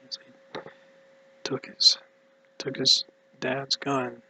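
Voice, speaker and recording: Tired, mumbly man with flat delivery. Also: medium pitch, creaky, noisy background. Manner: halting, hushed, drifting into whispers. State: exhausted. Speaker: vlogger. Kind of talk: rambling personal monologue.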